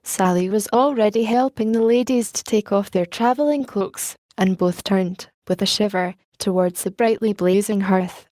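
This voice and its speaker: A woman narrates an audiobook in a measured, even storytelling manner. Her voice is dark and mellow. The recording is dry and close. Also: medium pitch, dry recording.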